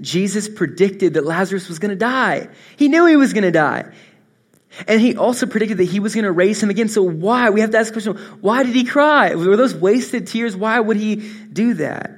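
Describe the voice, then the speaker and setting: A young man preaching a sermon, earnest and swinging from soft, intimate moments to impassioned rises. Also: a little high, vocal fry. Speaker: pastor.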